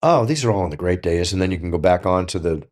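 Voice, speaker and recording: An older man telling stories on a podcast in a casual, animated way, acting out the dialogue. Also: sits low, fast talker. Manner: animated, acts out quoted dialogue. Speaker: guest storyteller.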